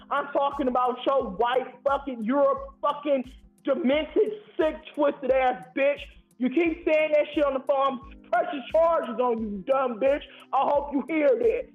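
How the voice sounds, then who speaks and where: A man from Ohio calling in to a live show, ranting in a heated, profane, rambling way. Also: extremely high pitch. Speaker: caller. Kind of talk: angry call-in rant. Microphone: phone call. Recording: tinny echoey phone line.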